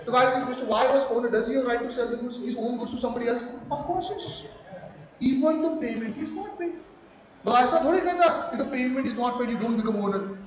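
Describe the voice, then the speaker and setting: A man's voice: extremely high pitch, quick pace. A man with an Indian accent lecturing on law, slipping into Hindi phrases and quizzing his students again and again. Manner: mixes Hindi phrases, keeps quizzing the class. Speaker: law teacher. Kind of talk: classroom lecture. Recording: echoey hall with a class around him.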